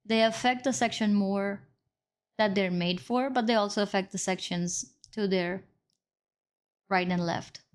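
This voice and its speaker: A woman instructor narrates a screen-recorded editing lesson. Her voice sits at a middle pitch. She explains each step as she goes and stops to correct her own slips. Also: a little slow, clean tone.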